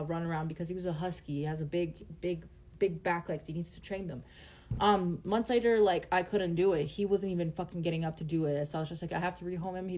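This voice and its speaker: A woman's voice: fairly low pitch, darkish tone. A young woman telling a personal story in a vlog, blunt and emotional, swearing heavily. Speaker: vlogger.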